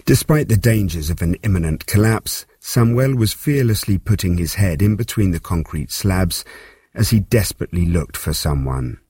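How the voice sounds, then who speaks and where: Low, husky male reporter narrating. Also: lively intonation, warm tone, no room sound, studio quality. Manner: measured, storytelling delivery.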